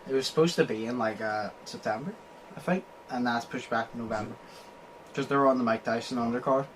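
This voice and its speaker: A man's voice: medium pitch, a little fast, slight background noise, rough recording. A man hosting a casual podcast, rambling through stories and swearing often. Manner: rambling, swears a lot, acts out quotes. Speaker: podcast host.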